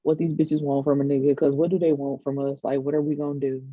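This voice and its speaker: Low-ish lively woman gabbing thru a show recap, muffled dry audio, lots of slang. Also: fast, no room sound. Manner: joking, laughing, slangy plot recap. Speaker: podcast co-host. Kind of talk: casual review chat. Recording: dull dry lo-fi recording.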